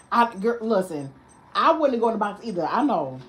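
A woman's voice: medium pitch, moderate pace, soft background music. A young woman from Michigan vlogging in a casual, sassy way, calling her viewers girl and baby. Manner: animated sing-song story-time voice for a child. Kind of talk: casual vlog chat.

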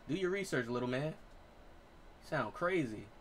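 A man in his late twenties giving excitable, profane live gameplay commentary as a streamer, trash-talking. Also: mid-range voice, unhurried, slight background noise. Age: 20s. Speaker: gaming streamer.

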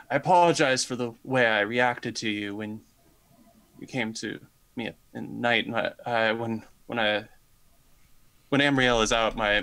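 A man's voice: mid-range voice, pushed and bright. A man playing his character in a tabletop game, speaking hesitantly with stammers. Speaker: player. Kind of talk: in-character tabletop role-play.

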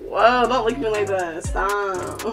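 A young woman hosting a horror game playthrough, chatting playfully with viewers and reacting loudly to scares. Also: mid-range voice, a little slow, gravelly, music in the background. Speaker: gaming channel host. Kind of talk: horror game let's play commentary.

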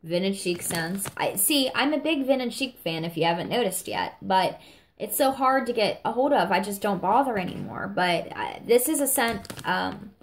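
A woman's voice: medium pitch, animated, moderate pace, slight background noise. A woman reviewing products in a casual, gushing chat, a little sniffly, full of fillers. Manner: gushing, chatty, many fillers, addresses viewers as y'all. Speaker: vlogger reviewing scented products.

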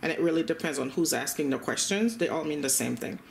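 Language teacher, middle pitch, patient and repetitive, checks in after every phrase. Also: lively intonation, quick pace, vocal fry, slight background noise. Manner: patient, repeats each phrase and checks in with "okay?". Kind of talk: spoken language lesson.

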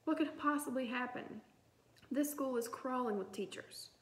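A woman's voice: high voice, moderate pace, pitched above the performer's own voice, close to an everyday voice. Field: storybook reading. Figure: a woman doing a taunting schoolboy. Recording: roomy. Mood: cocky. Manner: taunting, sarcastic. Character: cocky, mocking sixth-grade boy. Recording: roomy echo.

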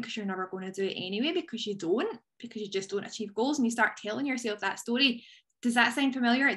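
A woman giving an energetic motivational talk on a video training call, chatty and playful. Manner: energetic, chatty, jumps into high playful voices. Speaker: team leader on a training call.

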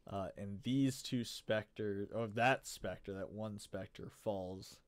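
A man's voice: fairly low pitch, slow, no echo. Laid-back male game master. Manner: casual, laid-back, swears freely. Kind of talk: running a tabletop game.

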